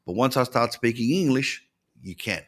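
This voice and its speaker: A middle-aged man with an Australian accent, a comedian guest chatting casually in an interview, telling stories with lively restarts. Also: medium pitch, moderate pace. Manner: lively storyteller with many restarts.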